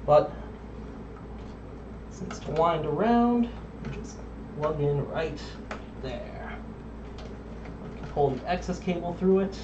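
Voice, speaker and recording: Young male streamer, higher voice, rambling and chatty, dull lo-fi audio with a faint hiss. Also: lively intonation, slow pace, pauses often. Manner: rambling, chatty, self-interrupting with ums. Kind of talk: casual live-stream commentary while building a computer.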